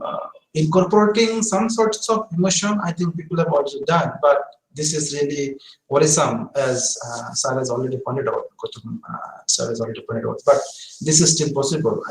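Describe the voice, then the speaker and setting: A man's voice: mid-range voice, brisk. A man tells a story at a lecture, using many fillers as he speaks. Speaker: participant in academic talk. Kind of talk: conversational comment at a lecture. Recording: echoey room on video call.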